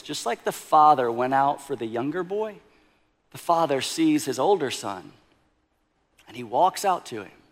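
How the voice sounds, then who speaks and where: A man preaching a sermon, retelling a parable with lively storytelling and hushed emphasis. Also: fairly high pitch. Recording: long hall reverb.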